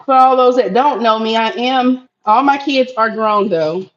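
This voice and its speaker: A woman's voice: fairly high pitch, unhurried, muffled recording. A middle-aged woman from Florida chatting casually with viewers on a live stream while she cooks in her home kitchen. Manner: chatty, addresses viewers as y'all.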